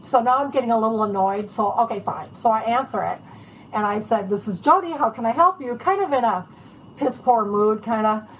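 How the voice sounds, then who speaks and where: A woman author telling lively anecdotes in a casual interview, chatting and laughing as she goes. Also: on the high side, brisk, a little hiss or hum, rough recording.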